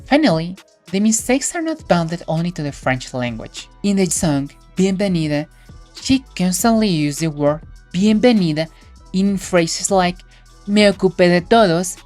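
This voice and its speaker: A woman from Mexico, a native Spanish speaker, delivers blunt, profane scripted commentary in a somewhat low voice. Faint music plays under her. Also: animated, measured pace, darkish tone. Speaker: guest contributor.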